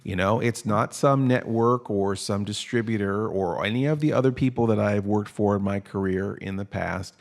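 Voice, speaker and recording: A man's voice: on the low side, moderate pace, gravelly, few pauses. A man hosting a casual comedy podcast, rambling and self-mocking with lots of fillers. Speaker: podcast host.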